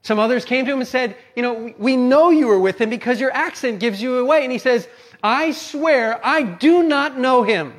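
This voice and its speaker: High-voiced man preaching a conversational sermon. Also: animated, normal speed. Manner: earnest, conversational preaching with frequent "right?" and "okay?". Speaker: pastor.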